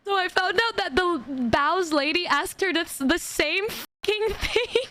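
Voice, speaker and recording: A woman streamer telling a story in casual chat, stammering and repeating words, quoting others in animated voices. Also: very high voice, a little slow.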